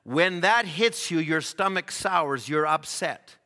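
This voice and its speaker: A man's voice: on the high side, animated, takes it slowly, pushed and bright. A man preaching a sermon earnestly, building emphasis through rhythmic repetition. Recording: long reverb of a church hall.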